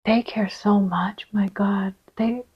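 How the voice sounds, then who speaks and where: A woman giving a channeled card reading, gentle and reassuring, sometimes dropping to a soft whisper as she places cards. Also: mid-range voice, steady tone, slow, breathy edge, highs cut off. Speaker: tarot reader.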